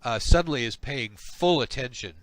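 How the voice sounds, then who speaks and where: A man narrating as game master of a tabletop game, halting and full of restarts. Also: mid-range voice, lively intonation, no echo.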